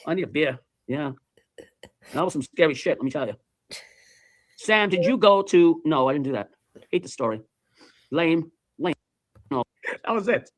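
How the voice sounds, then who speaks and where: A man hosting a livestream, chatting casually as an animated, profane storyteller who repeats himself. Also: fairly high pitch, measured pace, long pauses, no echo. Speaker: livestream host. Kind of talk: casual chat.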